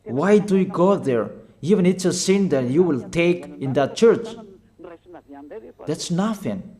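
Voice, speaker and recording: A man preaching a sermon in halting, non-fluent English, urging his listeners with short, repeated calls. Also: on the high side, lively intonation, mellow. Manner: emphatic, repetitive exhortation in non-fluent English.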